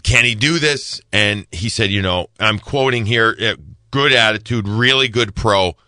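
On a sports podcast, a man analyzes hockey in a fairly low, sharp-toned voice at a measured pace with no room sound. He's emphatic, repeating himself to drive a point home.

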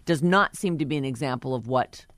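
A woman's voice: rumbling low, a little fast, a bit bright, no room sound. Chatty woman co-host reading showbiz news. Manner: chatty, reads news items with asides. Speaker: radio show co-host. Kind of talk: casual entertainment news chat.

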